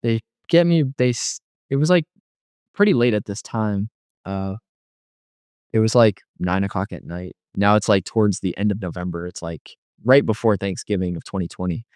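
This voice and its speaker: A man's voice: fairly low pitch, moderate pace, a little mellow, no room sound, studio quality. A man giving a personal testimony as an interview guest, rambling and filling his speech with frequent "you know.". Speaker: guest telling his life story.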